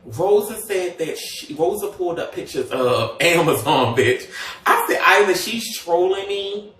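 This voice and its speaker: A man's voice: high-pitched, expressive, unhurried, a bit bright, reverberant, recorded from a distance. A man chatting casually on a livestream, sassy and gossipy, with many fillers and asides.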